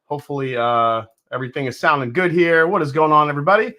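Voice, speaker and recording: A man's voice: fairly high pitch, fairly even intonation, fast, pushed and bright. A man hosting a live stream, from New York, chatting casually and greeting viewers one by one. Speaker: host.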